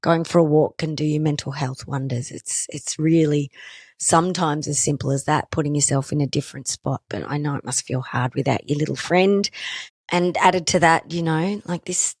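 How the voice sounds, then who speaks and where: A middle-aged woman with an Australian accent chats alone into a studio microphone as a podcast host. Her voice sits fairly low, and the sound is dry and close with no room around it. She talks casually and pokes fun at herself. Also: brisk, a little mellow, dry recording. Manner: chatty and self-deprecating, joking asides. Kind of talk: solo podcast chat.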